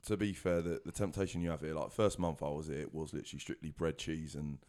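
A man's voice: a bass voice, steady tone, fast talker, a little mellow. A man, a rugby player chatting bluntly as a podcast guest, laughing often and swearing. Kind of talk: casual interview chat.

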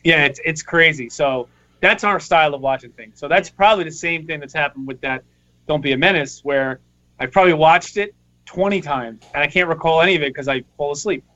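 High-pitched, self-deprecating man. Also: a little fast, bright, forceful tone, highs cut off. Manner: self-deprecating, easily confused. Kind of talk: casual chat.

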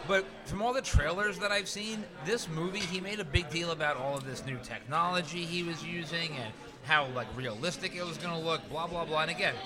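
A man's voice: on the high side, fairly quick, few pauses, a crowd in the background. A man co-hosting a casual podcast, ranting with profanity and repeating himself. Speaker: podcast co-host.

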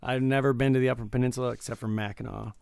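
A man co-hosting a podcast, telling animated stories about his work as a casino dealer and laughing often. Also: mid-range voice, racing, creaky, smooth, no room sound. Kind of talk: casual chat.

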